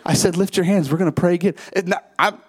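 A man, preaching and telling a story, acting out quoted dialogue in a lower voice and rising to high, emphatic peaks. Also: fairly even intonation, quick pace, breathy edge. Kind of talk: sermon storytelling.

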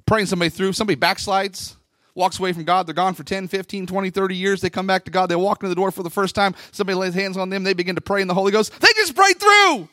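A middle-aged male pastor preaching a Pentecostal sermon into a microphone in a church, talking conversationally and then swelling into loud, fervent bursts. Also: sits high, flat delivery, racing, no echo, clean studio sound. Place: church sanctuary. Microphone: handheld microphone at the pulpit.

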